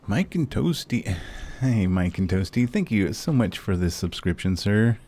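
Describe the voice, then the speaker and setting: A man's voice: fairly low pitch, sing-song, measured pace, mellow, a little hiss or hum. A man streaming a game, chatting casually and ranting with lots of swearing and fillers. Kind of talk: casual live-stream chat.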